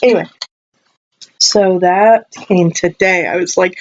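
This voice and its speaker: A woman chats her way through a haul video at home, unhurried and rambly, circling back and restarting her sentences. She may be coming down with a cold. The sound is dull and lo-fi. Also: on the low side, steady tone. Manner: rambly, chatty, lots of restarts and asides; playful voices when quoting herself. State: possible cold. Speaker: vlogger.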